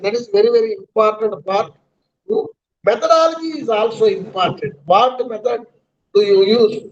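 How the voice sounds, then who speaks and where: Man, Indian English accent, high voice, halting lecture, lo-fi call audio. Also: a little mellow, slight background noise. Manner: halting, many fillers and repeated list items. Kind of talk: online counselling lecture. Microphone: video call. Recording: dull lo-fi online audio.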